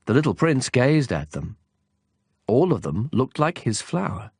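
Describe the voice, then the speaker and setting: Male audiobook narrator, slow and lively in pitch, dry close sound. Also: breathy edge, no echo. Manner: slow, expressive storytelling. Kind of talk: scripted narration.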